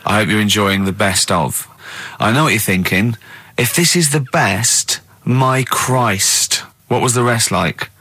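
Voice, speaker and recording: A man hosting a radio show and reading a brisk, wry station link. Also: fairly low pitch, sharp tone, slightly rough, no echo. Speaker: radio host.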